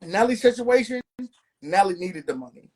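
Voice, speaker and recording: A man talking casually on a podcast, emphatic and drawn-out, often checking in with "you feel me". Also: high-pitched, animated, darkish tone, slightly rough, poor audio. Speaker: podcast guest.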